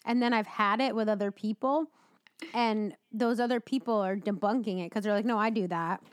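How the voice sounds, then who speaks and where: A woman co-hosting a podcast in casual chat, relaxed and rambling in her asides. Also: mid-range voice, moderate pace, clean tone, no room sound. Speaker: podcast co-host.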